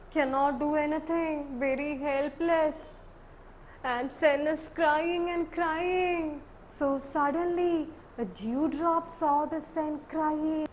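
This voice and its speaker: Brief: schoolteacher, very high and slow, sing-song storytelling for small kids. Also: female voice, a little hiss or hum. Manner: sing-song, asks the children many questions. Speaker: primary school teacher. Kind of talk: storytelling to young children.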